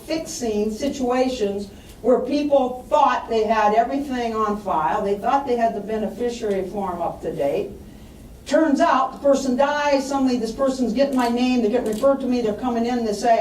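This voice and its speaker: A high-voiced woman gives a public talk on money matters to a live audience. She tells stories with lively acted quotes. The recording is roomy, with her voice caught from some distance off the mic. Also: slight background noise. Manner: animated storytelling with acted quotes. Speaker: estate planning presenter. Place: lecture room. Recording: echoey room mic from a distance.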